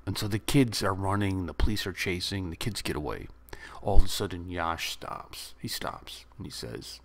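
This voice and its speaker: A man with a very deep voice talks through a movie he loves, rambling and excited as he retells the scenes. He keeps slipping into quick acted-out lines from the characters. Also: creaky. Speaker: movie reviewer. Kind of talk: casual movie review.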